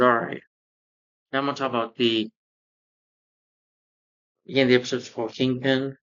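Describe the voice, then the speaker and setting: A man's voice: medium pitch, flat delivery, moderate pace, pauses often, fairly bright tone, muffled recording. A man casually recapping and reviewing a cartoon episode, rambling along with lots of "you know" fillers.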